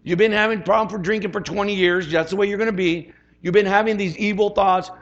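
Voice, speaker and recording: A man's voice: high voice, fairly even intonation, quick pace, highs cut off, noisy background. A man voicing the enemy as a nagging, condemning male voice that sows doubt.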